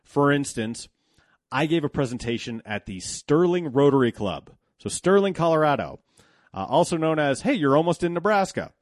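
A man's voice: medium pitch, no room sound, studio quality. Blunt, profane man telling his story. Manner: blunt and profane, animated when indignant. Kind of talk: candid personal storytelling.

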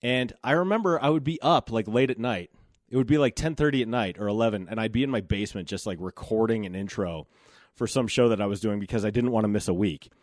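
A man's voice: lowish voice, quick pace, dry recording, studio quality. A man in his forties hosting a solo podcast, talking candidly and reflectively, with casual swearing. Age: 40s. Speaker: podcast host.

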